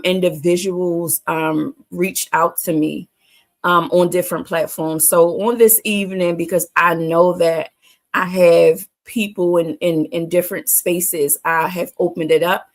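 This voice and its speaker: A woman hosting a motivational livestream, speaking emphatically and repeating catchphrases to her chat. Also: lowish voice. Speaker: livestream host.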